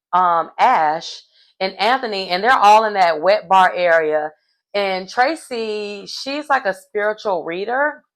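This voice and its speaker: A woman giving casual recap commentary on a reality TV episode, chatty and slangy with wry asides. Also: mid-range voice.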